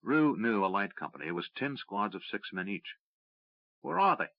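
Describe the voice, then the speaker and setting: A man narrating a fantasy audiobook in a steady, measured reading. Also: on the low side, dry recording. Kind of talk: scripted narration. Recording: dry, slightly dull audiobook recording.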